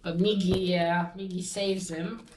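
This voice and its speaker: A woman casually recapping a manga volume's plot and then showing the book, in a halting, rambling way with many fillers and restarts. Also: fairly low pitch, steady tone, background noise. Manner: swears casually. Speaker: manga reviewer.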